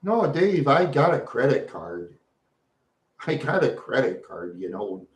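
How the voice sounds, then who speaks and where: Rambling live-stream host, a man who repeats lines over and over, medium pitch, roomy echo. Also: sing-song, measured pace. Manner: repetitive, rambling, talks to chat viewers. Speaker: livestream host.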